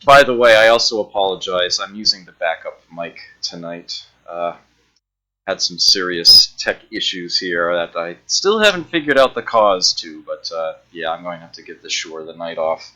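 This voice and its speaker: Laid-back man with lively, bright pitch. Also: normal speed, poor audio. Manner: chatty, laughs often, many fillers. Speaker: streamer. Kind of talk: casual gameplay commentary. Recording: backup mic, music behind.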